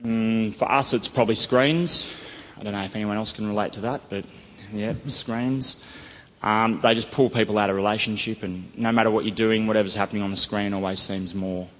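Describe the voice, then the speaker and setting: A man's voice: lowish voice, fairly even intonation, a little fast, fairly bright tone. Enthusiastic man telling a story. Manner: enthusiastic, rambling, frequent "you know" and "um". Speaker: interviewee sharing a faith testimony. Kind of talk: conversational storytelling. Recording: echoey hall, dull lo-fi sound.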